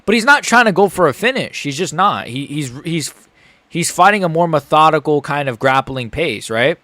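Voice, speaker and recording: Excitable young man reacting live. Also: on the high side, normal speed, no room sound. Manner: excitable, swings from groaning despair to shouting; repeats himself, swears casually. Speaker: streamer reacting live to a fight.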